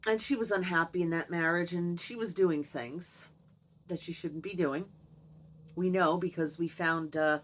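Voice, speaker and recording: A middle-aged woman vlogger with a fairly low, rather even voice tells a candid personal story to the camera, speaking a little slowly in a chatty, wry manner. Between stories she talks to her cat. The recording quality is rough.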